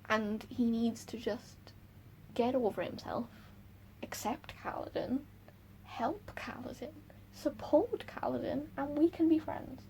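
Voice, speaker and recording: A woman book vlogger chatting casually and excitably about characters she loves and hates. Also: on the high side, gravelly, slight background noise, rough recording. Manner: gushing, excitable, quick laughs. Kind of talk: casual chat.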